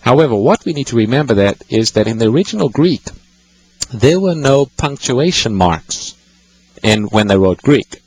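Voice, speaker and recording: Male call-in host with a husky voice, patiently teaching scripture to callers. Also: mid-range voice, big pitch swings, normal speed, a little mellow, poor audio. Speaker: radio Bible-teaching host. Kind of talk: call-in radio Bible teaching.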